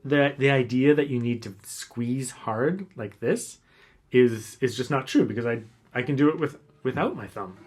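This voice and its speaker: A man teaching a guitar lesson, explaining calmly and counting beats aloud as he demonstrates. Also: mid-range voice, normal speed. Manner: relaxed, counts beats aloud while playing. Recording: faint guitar playing behind.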